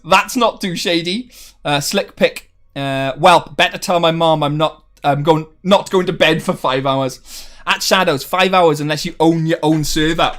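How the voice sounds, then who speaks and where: A man's voice: fairly high pitch, a little slow, fairly bright tone. A man hosting a casual livestream, reading viewers' chat messages aloud and answering in a chatty, friendly way with many fillers and restarts. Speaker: streamer reading live chat.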